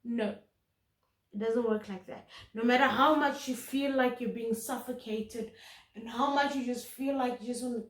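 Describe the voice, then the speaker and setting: Woman tarot reader, slow and emphatic, fairly high voice, echoey room. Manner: earnest, emphatic, repeats words for stress. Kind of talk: intuitive tarot reading to camera.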